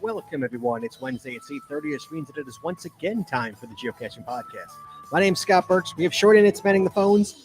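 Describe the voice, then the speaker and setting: A man's voice: on the high side, animated, quick pace, faint music behind. A man hosting a live call-in podcast, upbeat and chatty, repeating himself as he hypes up callers. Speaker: podcast host.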